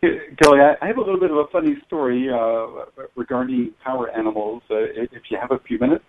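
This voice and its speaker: A man's voice: medium pitch, slight background noise. Man on a tinny phone line. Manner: hesitant, halting with many restarts. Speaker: guest dream expert. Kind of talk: storytelling on a talk show.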